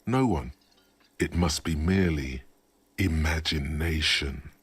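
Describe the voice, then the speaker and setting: A man doing scripted game narration with a dry, wry delivery and a husky voice. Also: rumbling low, takes it slowly, exaggerated voice.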